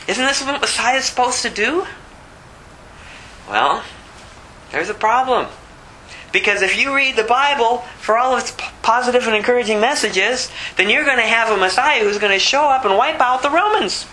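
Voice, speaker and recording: A man preaching an expository sermon, shifting from slow, low scripture reading to emphatic, repeated rebukes. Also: lively intonation, bright, forceful tone, a little hiss or hum, low-quality recording. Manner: repeats phrases for emphasis, chuckles at his own points.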